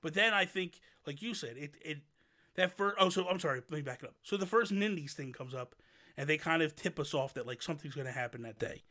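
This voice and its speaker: A man hosting a casual livestream chat, an animated and long-winded storyteller who wanders off on tangents. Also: on the high side, brisk. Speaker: show host.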